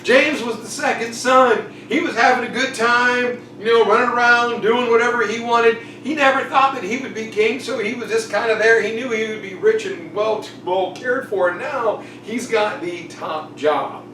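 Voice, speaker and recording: Chatty high-voiced male teacher. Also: moderate pace, hardly any pauses, pushed and bright, roomy sound, distant mic, slight background noise, rough recording. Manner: jokey, chatty, acts out quotes. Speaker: history teacher. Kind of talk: casual exam review lecture.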